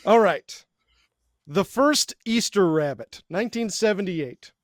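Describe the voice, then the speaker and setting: A man co-hosting a podcast, running a trivia quiz and reading the options out slowly. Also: high voice, expressive, no room sound, studio quality. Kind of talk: casual podcast chat.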